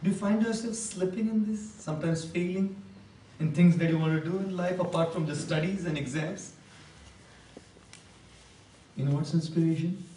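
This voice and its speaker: A man with a warm, mellow and slightly high voice gives a motivational talk to a live audience. He is emphatic, repeats his key words and keeps asking the crowd questions. He sounds distant in an echoey hall with faint noise behind him. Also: fairly quick. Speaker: monk giving a motivational talk.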